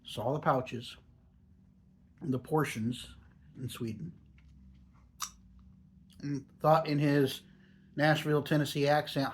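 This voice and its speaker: A man's voice: medium pitch, fairly even intonation, slow pace, long pauses. A man in his forties talking in a chatty, rambling, easygoing way while reviewing a product for a casual vlog.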